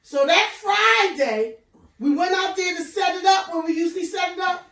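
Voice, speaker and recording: A woman hosting a casual chat show, telling an animated, profane story and laughing through it. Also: very high-pitched, normal speed, echoey room, recorded from a distance, slight background noise. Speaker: show host.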